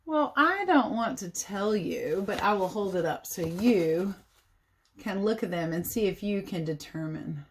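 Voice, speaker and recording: A woman's voice: mid-range voice, lively intonation, unhurried, husky. A woman teacher reading a nonfiction picture book aloud to children in a friendly manner, explaining words and adding asides.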